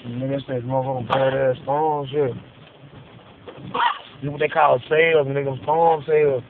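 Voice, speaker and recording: A man in a car talking excitedly in slang about storm damage he filmed, laughing often, caught on a phone. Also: mid-range voice, normal speed. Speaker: person filming storm damage. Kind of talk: casual chat. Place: inside a car. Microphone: phone camera. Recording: muffled phone recording, faint noise.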